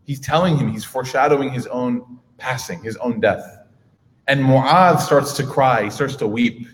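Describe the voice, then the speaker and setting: A man's voice: mid-range voice, moderate pace. A man in his thirties giving a casual, slangy religious lecture, telling stories with quoted dialogue to a room of listeners. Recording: long hall reverb.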